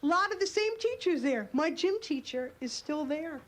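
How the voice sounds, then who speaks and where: A young woman performing a stand-up comedy routine, delivering wry, quick punchlines. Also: high-pitched, animated. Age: young adult. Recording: club stage mic over a laughing crowd.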